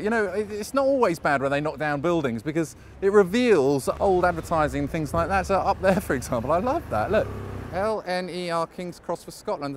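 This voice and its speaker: A man's voice: on the high side, a little hiss or hum. A man chatting casually as he leads a walking tour outdoors, full of anecdotes and frequent chuckles. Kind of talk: casual guided walk narration. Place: outdoors on a park walk.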